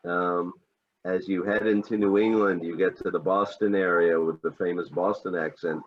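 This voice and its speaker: An American man, an English teacher, explaining pronunciation in a relaxed, casual chat with many fillers. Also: low-pitched, normal speed, lo-fi sound, a little hiss or hum.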